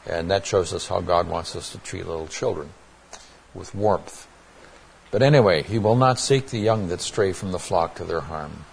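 A man's voice: low voice, animated, moderate pace, creaky, a little hiss or hum. A man preaching a Bible sermon, earnest and plainspoken, often restarting his words with fillers.

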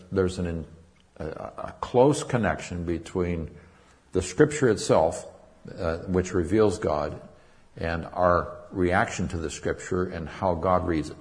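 A man's voice: low-pitched, darkish tone. A man preaching a sermon, explaining Greek words with emphatic, repetitive phrasing. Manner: repeats words and restarts, with fillers. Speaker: Bible teacher.

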